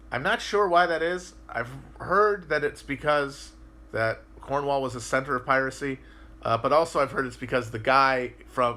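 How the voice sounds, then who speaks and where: A man's voice: mid-range voice, bright, forceful tone. A man hosting a podcast livestream, chatting casually and answering viewer comments, rambling and swearing as he thinks aloud with frequent restarts. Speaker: podcast host.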